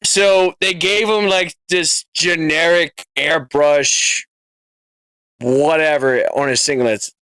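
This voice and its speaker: A man's voice: fairly high pitch, fairly even intonation, slow pace, sharp tone, clear, resonant tone, dry recording. A man co-hosting a podcast in casual, rambling chat with many fillers. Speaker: podcast co-host.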